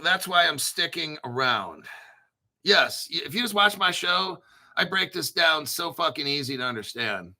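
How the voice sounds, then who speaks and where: A man hosting a crypto show, ranting bluntly and profanely while clearing his throat often. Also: on the high side, sharp tone.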